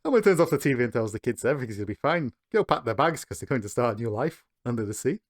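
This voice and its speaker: A man's voice: medium pitch, expressive, rapid-fire. A man co-hosting a podcast, recapping a cartoon episode in casual chat and chuckling between beats.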